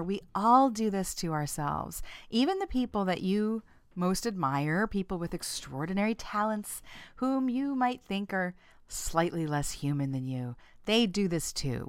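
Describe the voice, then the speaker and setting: A woman hosting a casual self-help talk for listeners, playful and frank, laughing often and jumping in pitch when she acts out quoted lines. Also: no room sound, studio quality. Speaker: podcast host.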